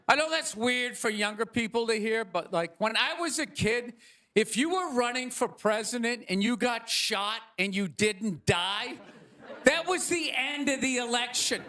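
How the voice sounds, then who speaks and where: A man doing a sarcastic, ranting stand-up comedy monologue to a live audience, often shouting. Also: very high-pitched. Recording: live stage with audience laughter. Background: audience laughter.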